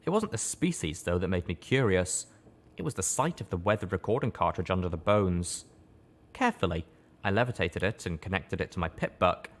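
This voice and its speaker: A man with a low, deep voice narrates a first-person story like an audiobook reader, keeping his delivery steady and measured.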